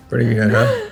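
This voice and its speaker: A man's voice: on the high side, a bit bright. A man casually telling stories on a live stream from a hotel room, rambling and restarting, often laughing at his own jokes, recorded on a laptop mic. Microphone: laptop microphone.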